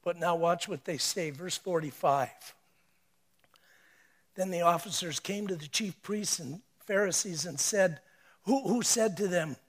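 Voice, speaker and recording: A male preacher giving a sermon, emphatic, repeating his phrases and swinging between hushed and loud delivery. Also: high voice, a little slow.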